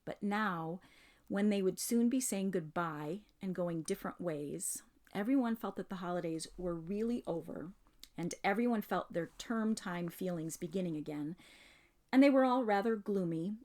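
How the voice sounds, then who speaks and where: A woman's voice: fairly low pitch, moderate pace, a little mellow. Woman reading a storybook aloud. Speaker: reader.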